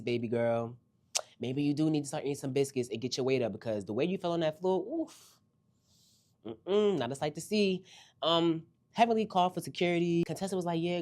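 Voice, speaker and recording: Low-voiced sassy woman recapping reality TV. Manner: animated, sassy, swoops high for emphasis. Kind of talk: casual recap commentary.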